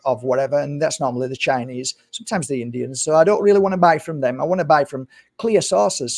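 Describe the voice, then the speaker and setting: A man's voice: on the high side, creaky, darkish tone. A man talking casually to camera as a spiritual teacher, rambling and telling stories with acted-out dialogue. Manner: rambling storyteller, acts out quoted dialogue.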